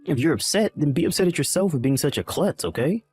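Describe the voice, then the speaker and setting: A man's voice: a little high, animated, fast, darkish tone, husky, dry recording, faint music behind. A man voicing a callous young husband in a text-message drama, irritated and condescending. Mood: dismissive.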